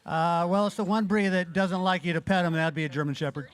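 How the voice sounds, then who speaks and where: A man being interviewed casually at a race, speaking haltingly with many fillers. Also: high-pitched, steady tone, smooth. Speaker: sponsor guest.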